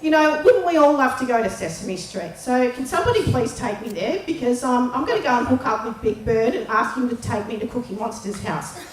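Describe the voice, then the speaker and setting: A woman's voice: on the high side, lively intonation, fairly quick, hardly any pauses, slight background noise. An Australian woman comic doing a brash, profane stand-up routine full of ranting rhetorical questions. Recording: echoey live club recording.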